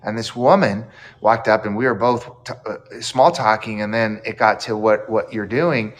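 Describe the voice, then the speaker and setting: A man's voice: on the low side, steady tone, moderate pace. A man who is an author guest in an interview, reflective and storytelling, acting out quoted lines. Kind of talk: casual interview chat.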